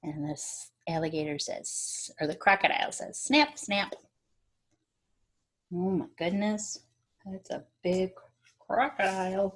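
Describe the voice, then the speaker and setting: A woman's voice: lowish voice, a little slow. A woman teacher reading a picture book aloud to children, drawing out key words and stopping to quiz her young listeners on rhymes. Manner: stretches out key words for effect.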